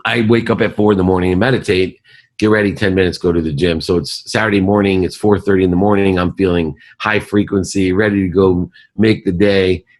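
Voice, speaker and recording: A man's voice: sits low, fairly even intonation, a little fast, darkish tone. A man in his forties, a company CEO, telling a motivational story as a podcast guest with earnest, emphatic delivery.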